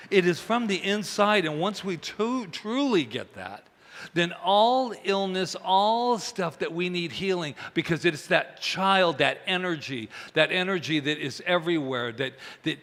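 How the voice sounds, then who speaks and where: A man giving a chatty sermon, telling stories and acting out the voices of the people in them. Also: fairly high pitch. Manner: chatty, animated, acts out quoted voices. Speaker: minister. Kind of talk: conversational sermon with storytelling. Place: church hall. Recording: reverberant hall.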